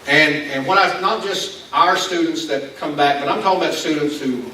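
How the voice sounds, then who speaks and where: A man's voice: fairly high pitch, moderate pace, bright, forceful tone, a little hiss or hum. A man with an Appalachian Southern accent preaching a conversational sermon, telling rambling self-deprecating stories with many restarts. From Appalachian Kentucky. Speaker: pastor. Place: school venue used as church hall. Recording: echoey room from far off.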